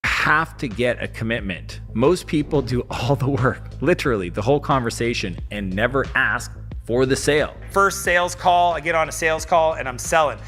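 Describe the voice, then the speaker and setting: With soft background music underneath, this man speaks at a moderate pace in a mid-range, fairly bright voice. His motivational business talk on selling includes small acted scenes with quoted voices.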